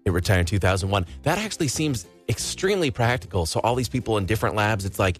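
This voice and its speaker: A man's voice: fairly low pitch, lively intonation, fast talker, soft background music. A man hosting a radio morning show, running trivia and reading an upbeat sponsor spot. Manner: upbeat, reads ads and phone number.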